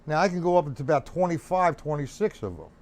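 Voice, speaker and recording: Drum teacher counting beats aloud. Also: male voice, on the high side, expressive, fast. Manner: counts beats aloud, chats to viewers by name. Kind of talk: live-stream drum lesson.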